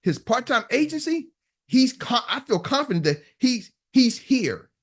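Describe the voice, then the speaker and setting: Lively high-voiced man coaching emphatically. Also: measured pace. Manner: emphatic, preachy, repeats punchlines. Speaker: business coach. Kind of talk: motivational talk to a live online audience.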